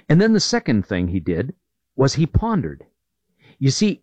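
A man's voice: medium pitch, a little mellow, no echo, lo-fi sound. A man preaching a sermon, reading scripture and telling an illustration with earnest emphasis.

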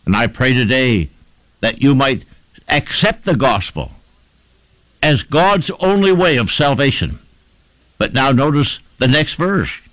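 A male preacher delivering a sermon with a lively, rising-and-falling voice. He leans hard on key words and builds rhythmic lists of repeated phrases. The sound is close and dry, with almost no room echo. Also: mid-range voice, a little slow, long pauses.

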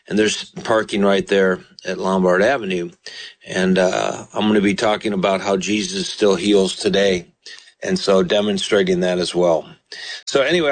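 A male radio preacher with an ordinary mid-range voice, reading scripture and teaching from it in a broadcast sermon. His delivery is earnest and pleading, climbing higher when he voices the writer's cries. It sounds like it was recorded on a close studio microphone. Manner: earnest, pleading, rises in pitch voicing the psalmist. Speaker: radio preacher taking calls.

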